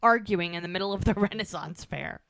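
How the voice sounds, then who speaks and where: A woman co-hosting a podcast in casual chat, recapping a TV episode with animated storytelling. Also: lowish voice, a little fast, gravelly, no room sound, clean studio sound. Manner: animated storytelling, often acts out dialogue. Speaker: podcast co-host.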